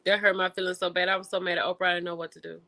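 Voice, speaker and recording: A woman hosting a livestream, chatting casually with her viewers and reacting with lively exclamations. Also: on the low side, very fast. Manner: animated and expressive, with exclamations; talks to viewers directly, reading and answering chat. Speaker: livestream host reviewing TV and film.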